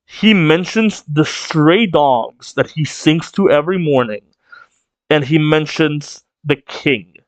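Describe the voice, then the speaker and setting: A man's voice: on the high side, slow pace, no echo. A man giving casual, rambling reaction commentary on a manga chapter, full of fillers and swearing.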